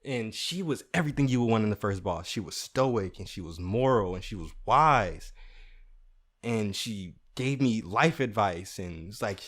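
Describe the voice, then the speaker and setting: A young adult man hosting a show, telling comedic stories in a casual, animated way, swearing freely. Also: on the low side, normal speed. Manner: animated, swearing, laughing at his own stories. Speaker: podcast host.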